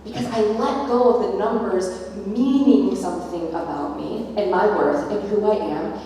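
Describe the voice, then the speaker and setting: A middle-aged woman giving a keynote talk at a conference, animated and acting out the voices she quotes. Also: mid-range voice, slight background noise. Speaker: keynote speaker. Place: large conference hall. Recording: echoey hall, far from mic.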